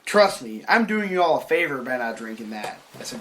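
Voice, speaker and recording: Animated young man telling a story. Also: medium pitch, a little fast, hardly any pauses. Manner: animated, acts out quoted voices, swears casually. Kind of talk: casual podcast storytelling.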